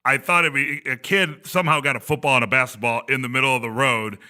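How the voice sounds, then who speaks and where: Bright-voiced man telling a rambling story. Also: mid-range voice, fairly even intonation, fast talker. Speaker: podcast host. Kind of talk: casual chat. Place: glass conference room in an office tower.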